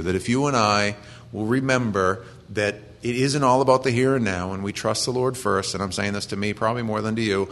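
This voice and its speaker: Gravelly low-voiced man preaching. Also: a little fast, a bit bright. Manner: earnest, plain-spoken, quoting scripture. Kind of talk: conversational sermon.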